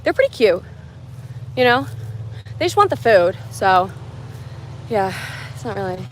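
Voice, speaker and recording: A woman's voice: medium pitch, very animated, a little slow, long pauses, a little hiss or hum. A young woman livestreaming from her phone outdoors in the woods, chatting in a bubbly, rambling way as she answers viewers' comments. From United States. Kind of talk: casual livestream chat. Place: outdoors in wooded mountains.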